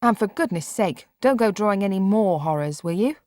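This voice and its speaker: A woman reader voicing a bedridden boy who is blunt, brusque and quick to scold. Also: mid-range voice, expressive, a little mellow, no room sound, voice pushed up, lightly acted. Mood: stern.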